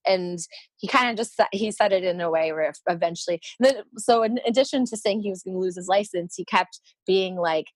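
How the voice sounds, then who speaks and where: A woman tells a personal story in a casual chat, laughing often and slipping into the voices of the people she quotes. Her voice sits at a middling pitch and sounds dry and close to the mic. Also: brisk, dry recording. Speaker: podcast guest.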